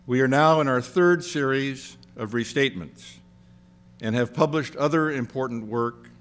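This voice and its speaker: An older man, the outgoing president of an institute, giving a measured, gracious after-dinner speech with touches of dry humor. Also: medium pitch, a little hiss or hum.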